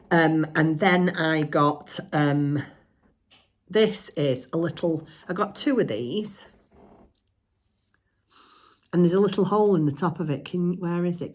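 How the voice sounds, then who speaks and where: Deep-voiced chatty grandmother vlogger. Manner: chatty, giggly, fond of teasing. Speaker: crafting vlogger. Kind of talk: casual chat showing shopping haul.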